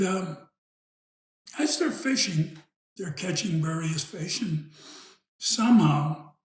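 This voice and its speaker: A man with a New York accent, telling an old family story in a casual, unhurried way, pausing and trailing off into asides. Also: a little high. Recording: echoey room.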